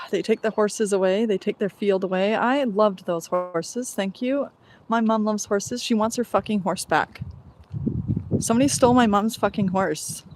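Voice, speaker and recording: A woman talks into her phone as she strolls outside, live-streaming in a loose, wandering way. Her pitch sits in the middle of the range, and a faint background hiss runs under her voice. She drifts between remarks and sighs now and then. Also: unhurried. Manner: rambling, meandering, with sighs. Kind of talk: casual live-stream chat. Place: outdoors on a walk.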